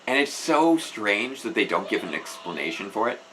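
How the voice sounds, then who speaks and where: A man's voice: fairly low pitch, big pitch swings, normal speed, bright, forceful tone, slight background noise, rough recording. A man hosting a casual live stream, chatting with enthusiasm and often restarting his sentences. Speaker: host.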